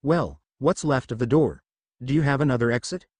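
A man's voice: medium pitch, lively intonation, fairly quick, a little mellow, slightly rough, no room sound. A man voicing a blond young male ninja, urgent and commanding. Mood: focused.

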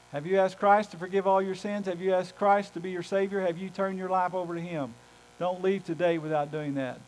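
A pastor preaching a sermon to his congregation in church. He talks with emphasis, moving between loud calls and hushed, low phrases. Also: rough recording. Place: church sanctuary.

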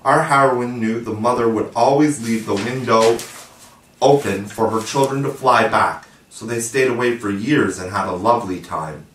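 A man reading aloud and voicing a motherly young girl who tells a bedtime story, patient and gently scolding. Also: mid-range voice, moderate pace, lightly acted. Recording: roomy, distant mic.

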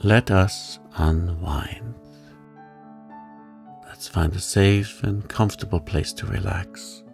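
A man narrating a bedtime story in a soft, soothing, gentle way. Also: low voice, takes it slowly, creaky, soft background music.

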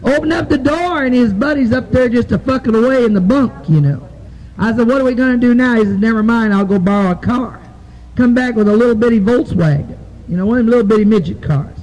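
On a live club stage before an audience, a female stand-up comedian drawls crude, folksy jokes packed with "you know." Her fairly high voice is quick and dark in tone, and the rough audio comes from an old tape with faint hiss.

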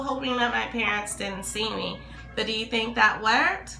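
A woman teacher reading a picture book aloud to a class, slow and expressive, with some fillers. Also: on the high side. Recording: echoey room, faint background noise.

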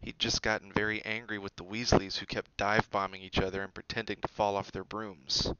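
A man reading a storybook aloud with steady, expressive narration. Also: lowish voice, a little fast, hardly any pauses, smooth, lo-fi sound. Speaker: audiobook reader.

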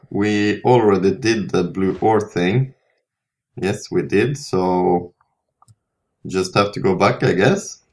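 A young man casually commenting on a role-playing game as he plays, rambling and breaking off mid-sentence. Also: low voice. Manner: relaxed, rambling, self-interrupting. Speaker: let's play host. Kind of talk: casual gameplay commentary, reading dialogue aloud.

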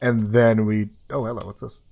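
A man's voice: fairly low pitch, little pitch movement, moderate pace, gravelly, a little mellow. A man casually commenting as he streams a story game, loose, profane and jokey, often breaking into laughter.

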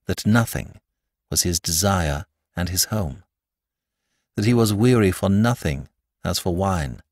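A man playing a calm, perceptive priest detective who speaks in a measured undertone and turns firm when he takes command. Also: deep voice, no room sound, studio quality, close to an everyday voice.

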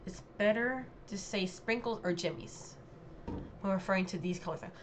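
A woman's voice: medium pitch, moderate pace, a little hiss or hum. Chatty, hesitant woman vlogger. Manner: chatty and hesitant, with many ums and self-corrections. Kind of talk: casual commentary on a dialect quiz.

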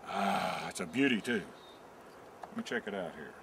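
A man's voice: low-pitched, normal speed, long pauses, fairly bright tone, slight background noise. A man giving a mock-serious nature walk outdoors on a trail, with dry, jokey guide patter. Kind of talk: deadpan comic narration. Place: outdoors on a wooded hiking trail.

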